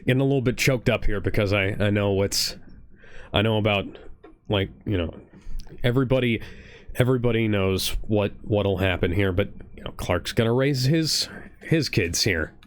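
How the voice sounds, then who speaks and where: A man's voice: lowish voice, normal speed, a little hiss or hum. A man from Ohio co-hosting a casual reaction chat, rambling earnestly with many restarts. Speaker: podcast co-host. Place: home streaming setup.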